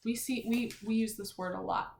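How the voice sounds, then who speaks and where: A woman teacher giving a phonics and spelling lesson to young children, talking clearly and encouragingly. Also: fairly high pitch, steady tone, moderate pace, slight background noise. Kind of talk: early-grades phonics lesson. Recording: echoey room.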